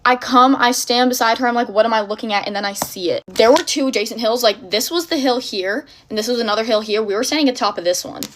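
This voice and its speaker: A young woman casually telling a dramatic story in an animated, breathless way, full of fillers. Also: on the high side, fast talker, hardly any pauses, a little hiss or hum.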